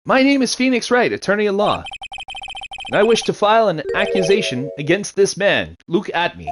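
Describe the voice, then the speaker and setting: Phoenix Wright, voiced by a streamer, insistent. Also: male voice, sits high, sing-song, moderate pace, background noise, pitched above the performer's own voice. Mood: accusing. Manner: forceful courtroom objections. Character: earnest young male defense attorney. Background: game music.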